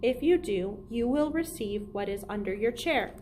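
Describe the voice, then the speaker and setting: A stern elderly lawyer speaks in a formal, measured way, as a woman reading a storybook voices him. The voice stays fairly high and deliberate, with a faint hiss behind it. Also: animated, a little mellow, lightly acted.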